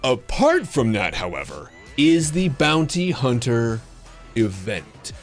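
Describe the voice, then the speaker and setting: A male game streamer talking casually to his viewers. His delivery is playful and rambling, full of teasing banter, and his pitch leaps around expressively. Soft music plays quietly in the background. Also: wildly swooping pitch, takes it slowly. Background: faint background music.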